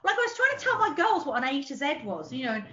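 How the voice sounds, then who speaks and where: Chatty woman telling lively stories. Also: high voice, quick pace, background noise. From southern England. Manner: chatty, animated storytelling with laughs. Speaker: guest. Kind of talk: casual chat. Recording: slightly dull lo-fi podcast audio.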